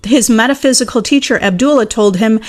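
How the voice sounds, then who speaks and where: A woman with a fairly high voice speaks briskly as a manifestation coach in a casual monologue. She is earnest and emphatic, repeats her key points, and answers viewer questions.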